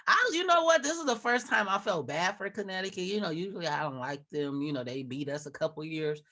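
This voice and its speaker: A woman co-hosting a casual sports talk show, easygoing and quick to laugh. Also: on the low side, expressive, sharp tone. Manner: casual, laughs often, drawn-out emphasis. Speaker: podcast co-host.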